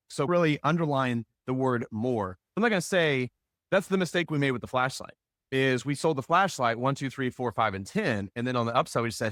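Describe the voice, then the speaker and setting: A man teaching a live marketing workshop, energetic and joking, swinging between loud and soft. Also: medium pitch, fairly quick, no room sound, studio quality. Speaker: marketing instructor. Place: room with a live audience.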